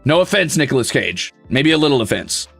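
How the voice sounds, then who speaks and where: A man's voice: mid-range voice, very animated, a little fast, vocal fry, a bit bright, faint music behind. A man streaming, reading viewer messages in casual chat with a brash, sarcastic, mock-grumpy way of talking.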